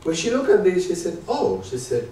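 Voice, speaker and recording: A man's voice: sits high, big pitch swings, fairly quick, dark tone. A man giving a live stage talk at a conference, asking the audience questions as he demonstrates his method. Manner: engaged, quizzes the audience with questions. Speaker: conference presenter. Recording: echoey room, distant mic, faint noise.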